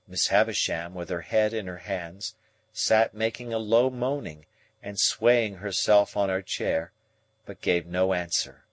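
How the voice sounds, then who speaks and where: A man reading a classic novel aloud as audiobook narrator in a measured, expressive way. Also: deep voice.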